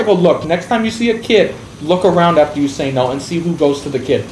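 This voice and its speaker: Cussing streamer guy ranting casually, slightly high voice, echoey room. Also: expressive, fast talker, darkish tone. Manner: profane, blunt, heavy swearing. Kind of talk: casual storytelling on a game stream. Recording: roomy with faint background noise.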